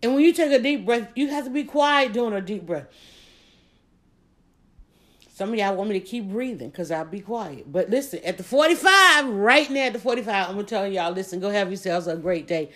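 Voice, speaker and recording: A woman hosting a motivational podcast, talking straight to her listeners in an energetic, preachy way. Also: medium pitch, fairly quick. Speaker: podcast host.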